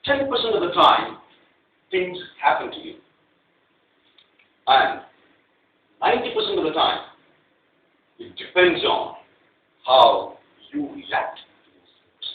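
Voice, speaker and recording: A middle-aged man giving a prepared speech at a club meeting, telling a personal story in an animated way. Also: high-pitched, slow pace, pauses often. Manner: animated storytelling, acts out quarrels. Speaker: club speaker. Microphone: clip-on mic, heard from afar. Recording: echoey hall, distant tinny mic.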